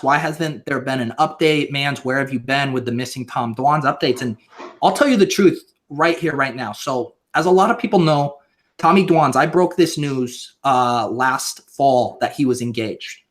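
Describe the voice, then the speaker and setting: A man's voice: a little high, fairly bright tone. A man guesting on a live stream, talking in a theatrical, mock-emotional, rambling comedic way.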